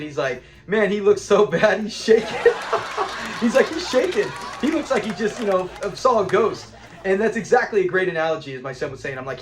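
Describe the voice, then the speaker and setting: A middle-aged man giving casual commentary on a sitcom episode, animated, laughing often and acting out quotes. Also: sits high. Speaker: TV episode reviewer.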